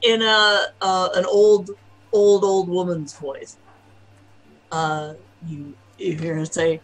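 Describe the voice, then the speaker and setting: A woman playing a tabletop game, describing her character in halting phrases. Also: fairly low pitch, flat delivery, poor audio. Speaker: player.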